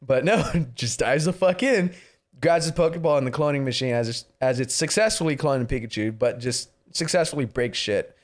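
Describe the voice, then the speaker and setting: A man's voice: medium pitch, normal speed. A man co-hosting a podcast, casually retelling a movie with lots of laughter and swearing. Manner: laughs often, swears freely, rambling retelling. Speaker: podcast co-host. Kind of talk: casual movie recap chat.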